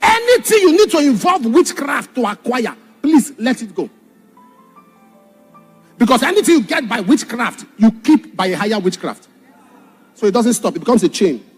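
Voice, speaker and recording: A man preaching a sermon and telling a personal testimony, dramatic, shouting some points and dropping low on others. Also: very animated, normal speed, breathy edge, faint music behind. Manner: dramatic, shouts for emphasis then drops low. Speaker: pastor.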